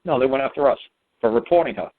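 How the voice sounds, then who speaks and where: A man's voice: medium pitch, fast talker, a little hiss or hum. A man telling a personal story as a caller on a talk show, rambling and profane, with lots of fillers and restarts. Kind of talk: casual spoken storytelling. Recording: tinny phone line.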